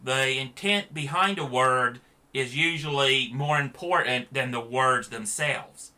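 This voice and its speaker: A man's voice: mid-range voice, a little slow, pushed and bright. A man giving a blunt, sarcastic opinion rant to the camera as a vlogger.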